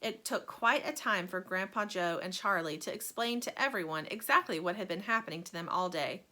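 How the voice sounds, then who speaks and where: A woman reading a children's chapter book aloud as storyteller, animated and friendly. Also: medium pitch, brisk.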